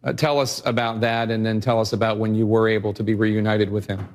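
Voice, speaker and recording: A man as news anchor, asking measured questions with a few hesitations. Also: on the low side, level tone. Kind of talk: broadcast interview.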